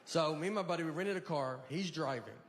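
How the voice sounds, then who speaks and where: A man performing a stand-up routine, telling rambling stories in a halting, deadpan way. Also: a little high. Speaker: stand-up comedian. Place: large venue with a live audience. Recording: live stage mic in a reverberant hall with audience noise. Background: audience laughter.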